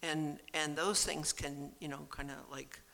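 Gravelly, bright reflective speaker. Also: mid-range voice, level tone, unhurried. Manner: gentle, earnest and reflective. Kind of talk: reflective personal talk.

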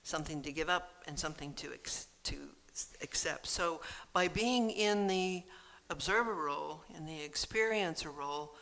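A speaker giving a gentle, earnest and reflective personal talk. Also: mid-range voice, moderate pace, vocal fry.

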